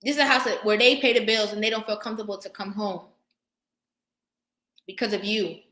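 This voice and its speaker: A young woman hosting a live stream, talking emphatically and preaching to her viewers, pausing now and then to thank them for their comments. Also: medium pitch, steady tone, pushed and bright. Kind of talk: impassioned live-stream talk. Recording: roomy echo.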